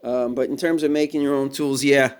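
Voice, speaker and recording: A man's voice: medium pitch, steady tone, fairly quick, mellow. A man chatting casually in a guitar repair vlog, rambling and folksy, thinking aloud as he goes.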